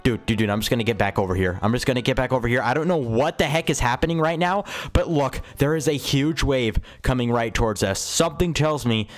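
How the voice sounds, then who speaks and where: A man giving excitable let's-play commentary over a video game, gasping and repeating his phrases as he talks to viewers. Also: mid-range voice, quick pace, few pauses. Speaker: gaming channel host.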